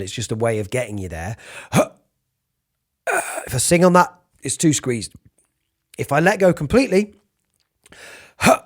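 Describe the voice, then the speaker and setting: A raspy, breathy-voiced man giving a casual singing lesson, demonstrating sounds as he explains. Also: mid-range voice. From United Kingdom. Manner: informal, demonstrates sounds mid-sentence. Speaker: vocal coach.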